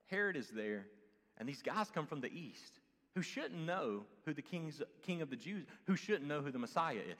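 A man with a light Southern US accent preaching a sermon as pastor, swinging between loud exclamations and hushed low asides. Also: very animated, normal speed, long reverb tail.

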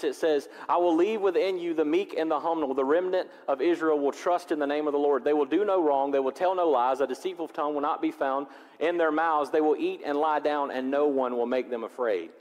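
A male pastor preaching a sermon. He moves from loud, rising preaching to quiet, reflective passages. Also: on the high side, brisk. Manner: animated, swings from loud preaching to soft reflection. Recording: long hall reverb.

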